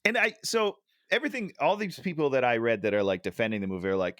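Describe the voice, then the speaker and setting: A man's voice: mid-range voice, fast, fairly bright tone, dry recording, studio quality. A middle-aged man co-hosting a casual movie-review chat on a headset, ranting and sighing in exasperation. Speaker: podcast co-host.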